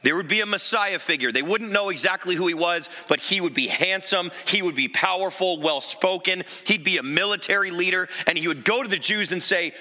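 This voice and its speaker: A male pastor delivers a sermon from a church sanctuary, his fairly high voice cutting through with a sharp, ringing brightness. He preaches like a storyteller, animated and emphatic, throwing in quick asides. A long hall reverb trails behind every phrase.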